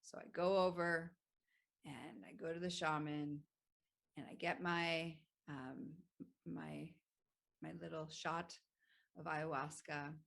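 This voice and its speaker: A woman hosting a podcast, telling a personal story in an animated way, laughing often and swearing freely. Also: low voice, takes it slowly, gravelly, pauses often. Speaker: podcast host.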